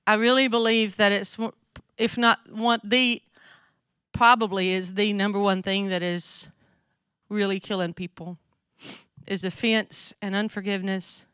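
In a clean studio recording free of room sound, a middle-aged woman with a Southern accent, from the American South, preaches a chatty, frank sermon to a women's gathering. Her mid-range voice is steady, fairly bright and clean, with a measured pace. As a women's ministry speaker, she often checks in by asking her listeners questions.

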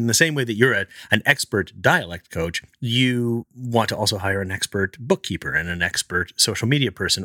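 Low-voiced man hosting an interview. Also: bright, forceful tone, no echo, clean studio sound. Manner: measured, affirming, poses direct questions. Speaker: podcast host. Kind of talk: interviewer in conversation.

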